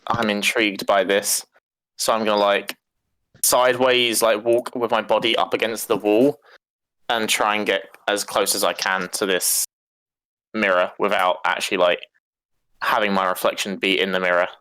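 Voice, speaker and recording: A man's voice: on the low side, level tone, moderate pace, sharp tone, smooth, no room sound. A man playing a tabletop game, chatty and hesitant, often laughing. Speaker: player. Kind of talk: casual tabletop play.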